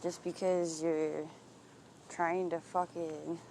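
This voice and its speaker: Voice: medium pitch, level tone, slow pace, gravelly, a little mellow, slight background noise. A vlogger walking outdoors and thinking aloud in a rambling, introspective monologue, swearing freely and breaking off and restarting thoughts.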